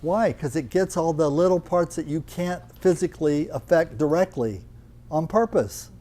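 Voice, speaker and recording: An older man leads a live yoga class in a teaching room, explaining with quick questions and teasing his students. His voice sits a little high. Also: warm tone.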